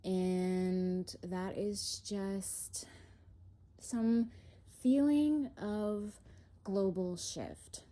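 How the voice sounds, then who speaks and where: A young woman doing a casual spiritual chat as an oracle card reader, slightly out of breath, airy and unhurried, with soft laughs. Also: fairly low pitch. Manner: slow, airy, lots of "if you will" and soft laughs. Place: home, indoors.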